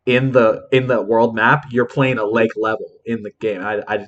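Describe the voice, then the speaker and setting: A man's voice: lowish voice, steady tone, moderate pace, lo-fi sound, slight background noise. A young man co-hosting a casual podcast, rambling through his thoughts with lots of filler words. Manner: rambling, heavy use of "like". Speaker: podcast co-host. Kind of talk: casual chat ranking games.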